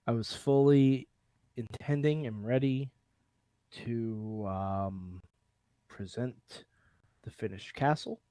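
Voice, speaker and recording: A man co-hosting a wrestling talk show by remote line, laid-back and joking, with halting pauses. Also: medium pitch, dark tone, no echo, studio quality. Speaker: co-host. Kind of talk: casual chat. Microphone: remote call mic.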